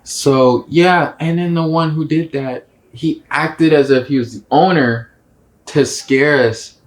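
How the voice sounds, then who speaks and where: A young man co-hosting a podcast, telling a story in a casual, slangy, animated way. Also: on the high side, takes it slowly. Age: young adult. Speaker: podcast co-host. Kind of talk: casual chat.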